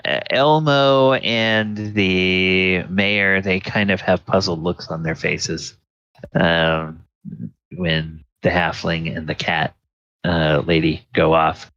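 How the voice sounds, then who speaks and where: A man narrating as game master of a tabletop game, halting with many fillers. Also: low voice, steady tone, fairly bright tone, no echo, lo-fi sound.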